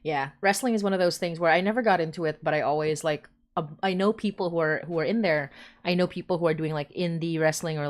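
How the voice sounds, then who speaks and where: A woman hosts a casual podcast chat in a lowish voice. She rambles warmly through fillers and laughs often as she talks. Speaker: podcast host.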